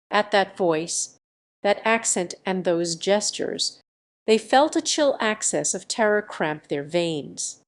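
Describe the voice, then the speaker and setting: A woman narrating a classic adventure novel as an audiobook, reading in an even, measured way. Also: on the low side. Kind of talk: scripted narration.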